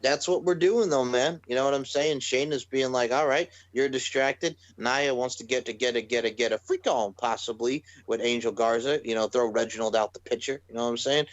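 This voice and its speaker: Excitable sarcastic man, dry sound. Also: mid-range voice, brisk, few pauses, dry recording, highs cut off. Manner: excitable, sarcastic, swears freely. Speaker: podcast co-host. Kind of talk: casual wrestling chat.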